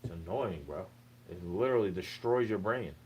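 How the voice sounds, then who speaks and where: A man's voice: low-pitched, lively intonation, moderate pace, darkish tone, lo-fi sound, slight background noise. A young man talking straight to the listener in a rambling, aggrieved monologue, tossing in "bro" again and again. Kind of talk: unscripted monologue rant.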